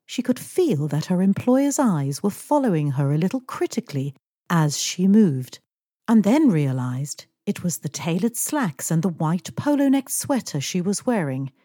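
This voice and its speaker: A woman narrating a romance novel as an audiobook, measured and expressive. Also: lowish voice, no echo, clean studio sound.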